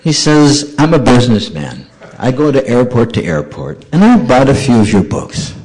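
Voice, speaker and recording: A man's voice: mid-range voice, moderate pace. A man telling stories in a sermon, acting out the voices of the people in them. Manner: animated storyteller acting out dialogue. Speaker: monk giving a talk. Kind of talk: storytelling sermon.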